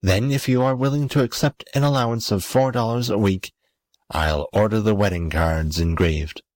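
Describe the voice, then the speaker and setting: A man's voice: on the low side, moderate pace, darkish tone, no room sound, close to an everyday voice. A man voicing a vain, haughty young lady in a storybook reading, speaking in a cold, dismissive way. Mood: condescending.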